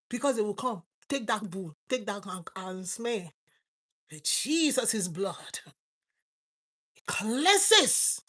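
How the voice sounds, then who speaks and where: Fervent Nigerian woman preaching, high voice. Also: expressive, normal speed. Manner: fervent, swinging between loud exclamations and low asides. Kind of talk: sermon.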